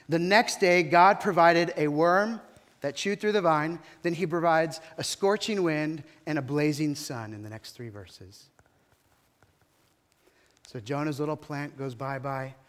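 Pastor: man, slightly higher voice, conversational sermon with dramatic retelling. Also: a bit bright, in a large hall.

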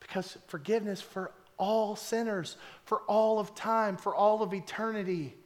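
A man with a high, light voice delivers a sermon in a conversational, animated way. He repeats key phrases for emphasis and talks straight to his listeners. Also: normal speed, hardly any pauses. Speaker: pastor.

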